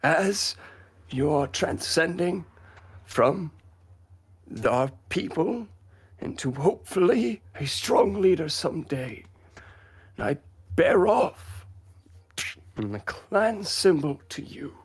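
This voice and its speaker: Guy putting on an old grandpa voice, slow and solemn, bit high and thin. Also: expressive, breathy edge, heavily acted. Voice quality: slow, halting.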